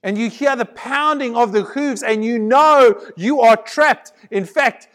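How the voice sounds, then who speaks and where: A man's voice: very high voice, a little slow, hardly any pauses, a bit bright. A man preaching a sermon, retelling a scripture story dramatically and often repeating words as he builds emphasis.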